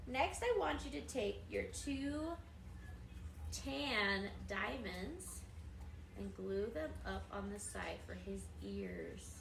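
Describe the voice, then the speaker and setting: A woman's voice: mid-range voice, animated, slow pace, creaky, background noise. A woman preschool teacher giving patient, encouraging craft instructions to young children. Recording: roomy echo from a distant mic.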